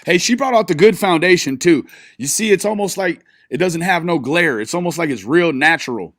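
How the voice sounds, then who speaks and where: Watching a stream, a man mocks what he sees, swearing and laughing often as he comments. His voice is a little high, expressive, and brisk with a fairly bright tone, recorded in clean studio quality with no room sound.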